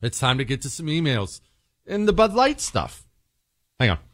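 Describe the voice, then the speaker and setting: A man's voice: very animated, normal speed, fairly bright tone, no echo, clean studio sound. A man hosting a radio talk show, ranting sarcastically and reading sponsor spots in an earnest tone. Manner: sarcastic, swings between mocking high tones and low earnest pitch. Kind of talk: opinionated radio monologue.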